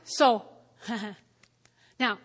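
A woman preaching a sermon, repeating key words, asking the congregation to respond, and swinging between quiet asides and loud emphasis. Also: fairly high pitch, fairly even intonation, extremely slow. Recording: hall reverb.

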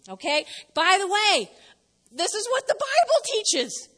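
A woman pastor gives a lively sermon in a church, speaking straight to her listeners. Her voice sits high and sounds bright and forceful, and a long reverb from the large hall trails after her words. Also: a little slow. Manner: lively, talks straight to the congregation, acts out quotes. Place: church sanctuary.

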